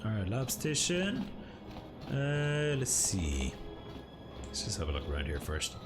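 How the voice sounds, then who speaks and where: A man's voice: fairly low pitch, wildly swooping pitch, measured pace. A male streamer giving casual, joking commentary while playing a video game. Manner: joking, chatty asides to the game. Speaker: gaming streamer. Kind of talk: casual let's-play commentary. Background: loud game music.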